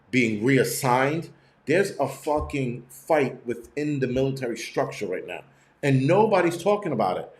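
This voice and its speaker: Guy ranting on his stream, swearing a lot, tripping over his words, roomy echo. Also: mid-range voice. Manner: profane, rambling storytelling with many restarts. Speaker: channel host. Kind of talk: casual live-stream rant.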